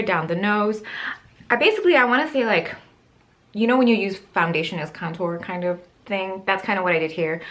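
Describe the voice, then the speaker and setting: A woman's voice: medium pitch, a bit bright. Chatty woman rambling through beauty products. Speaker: beauty vlogger. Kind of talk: casual makeup vlog talk. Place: home, indoors at her makeup setup.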